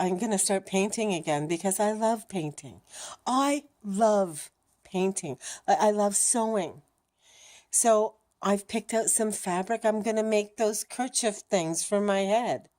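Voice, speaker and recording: A middle-aged woman chatting casually to camera in her vlog, frank and animated, laughing often and swearing now and then. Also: medium pitch. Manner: animated, laughing, mimics racing thoughts with fast chatter. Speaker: vlogger sharing her cancer journey.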